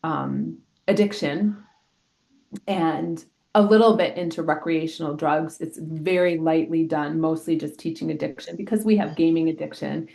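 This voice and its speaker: A middle-aged woman, an elementary school health educator, explaining in a lively way with examples in a casual interview. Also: deep voice, moderate pace, creaky.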